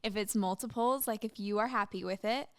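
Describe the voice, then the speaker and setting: A woman's voice: mid-range voice, a little fast, no room sound, clean studio sound. A young woman hosting a podcast, asking questions and summing up her guest's points in an encouraging way. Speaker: podcast host. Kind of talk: interview questions.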